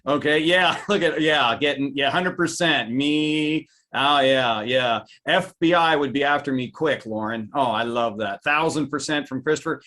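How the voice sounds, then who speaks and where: A man presenting a live webinar, animated, reading out viewers' reactions by name and jumping up in pitch for emphasis. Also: moderate pace, few pauses. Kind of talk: lively live webinar talk.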